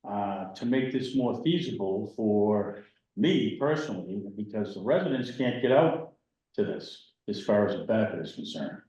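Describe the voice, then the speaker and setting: A man's voice: on the low side, lively intonation, normal speed, dark tone, distant mic, muffled recording. Blunt Boston man in echoey meeting room. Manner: blunt, opinionated, repeats points. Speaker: committee member. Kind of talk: town meeting discussion.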